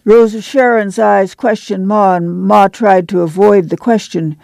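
Narator wanita bersuara serak dan pelan. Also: female voice, medium pitch, steady tone, a little slow, vocal fry, a little mellow, dry recording. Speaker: audiobook narrator. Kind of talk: scripted narration.

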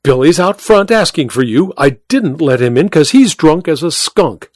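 A man's voice: fairly high pitch, expressive, moderate pace, a little mellow, no room sound, clean studio sound. A man voicing a blunt older landlady in a spoken noir story.

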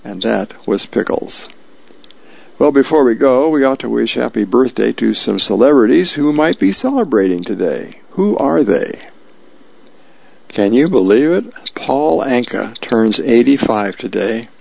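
Male radio reader, low and gravelly, casual delivery, dull lo-fi sound. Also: expressive, unhurried, a little mellow, no echo. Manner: casual, with fillers. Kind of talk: reading newspaper columns and comics aloud.

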